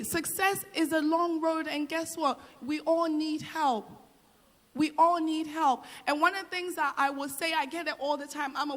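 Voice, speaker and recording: High-voiced woman in a reverberant hall. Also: a bit bright. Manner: encouraging, repeats phrases for emphasis. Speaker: guest speaker. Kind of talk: motivational speech.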